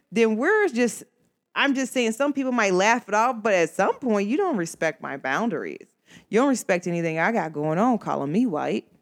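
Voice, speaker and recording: A woman rants to her audience in a casual, conversational monologue. She talks in an emphatic, slangy way and speaks straight to the listener. Her pitch swings widely as she makes her points. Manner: emphatic, slangy and conversational, addresses viewers directly. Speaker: vlogger.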